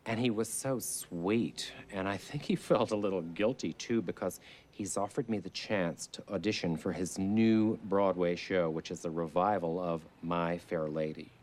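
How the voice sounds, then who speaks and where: An actor playing an eager, theater-obsessed middle-aged shop owner who talks in an earnest, rambling way in a mockumentary interview. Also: male voice, low voice, fairly even intonation, moderate pace, a little mellow, close to an everyday voice. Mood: gushing. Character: eager theater-mad middle-aged man, sweetly self-absorbed.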